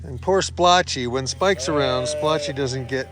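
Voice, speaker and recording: Slow-talking farmer chatting with sheep. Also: male voice, medium pitch. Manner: chatty, playful with his animals. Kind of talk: casual farm-tour vlog. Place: outdoors on a farm meadow. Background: sheep bleating.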